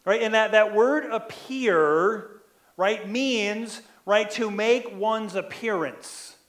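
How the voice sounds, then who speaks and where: Male pastor, high voice, conversational sermon, habitual "right?" tags. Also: slow pace, fairly bright tone, reverberant. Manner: frequent "right?" tag questions, acts out quoted lines.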